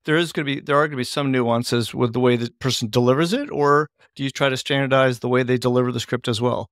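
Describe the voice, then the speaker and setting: Male podcast host, rapid delivery, eager follow-up questions, dry sound. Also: mid-range voice, fairly even intonation, fairly bright tone, no room sound. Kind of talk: casual interview talk.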